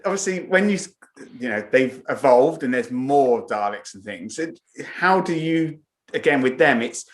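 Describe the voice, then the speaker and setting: A man interviewing a guest. He asks his questions haltingly and rephrases them as he speaks. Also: mid-range voice, animated. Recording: roomy echoey sound.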